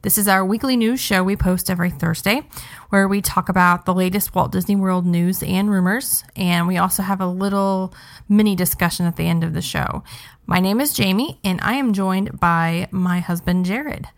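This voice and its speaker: A woman's voice: medium pitch, normal speed. A young adult woman hosting a podcast, chatting in an upbeat casual way with frequent ums. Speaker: podcast host.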